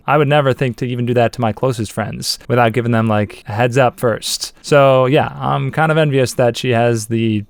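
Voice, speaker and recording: A man's voice: medium pitch, no room sound. Sarcastic man reading stories aloud. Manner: sarcastic, snarky asides. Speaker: story narrator.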